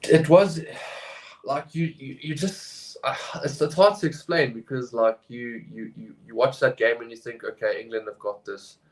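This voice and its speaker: A man chatting casually as a podcast co-host, voice at an ordinary middle pitch. He talks in stop-start bursts, full of fillers and repeated words. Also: fairly even intonation, poor audio. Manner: halting, many fillers and restarts. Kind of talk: casual rugby chat.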